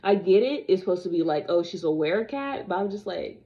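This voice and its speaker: A young woman vlogging to camera in casual, opinionated chat, sassy and animated as she talks straight to her viewers. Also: on the low side, a little fast, lo-fi sound. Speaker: vlogger reviewing dolls.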